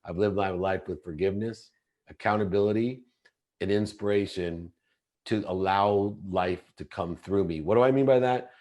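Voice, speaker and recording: This middle-aged podcast guest, his voice a little low and somewhat mellow, shares an intense, confessional personal story at a normal speed, often stopping and restarting sentences. The audio has its high frequencies cut off.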